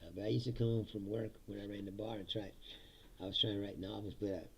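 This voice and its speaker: A man's voice: lowish voice, little pitch movement, quick pace, vocal fry, a bit bright, a little hiss or hum. A middle-aged man hosting his own live stream, chatting casually in a rambling way, laughing often and swearing freely. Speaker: host.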